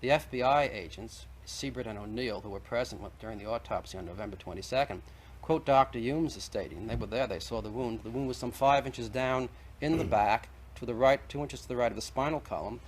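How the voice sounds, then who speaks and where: A man's voice: mid-range voice, brisk, few pauses, slight background noise. A man debating on an archival 1960s TV broadcast, pressing his case point by point with persistence. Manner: persistent, argumentative, lays out evidence point by point. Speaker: debate guest. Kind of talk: televised debate.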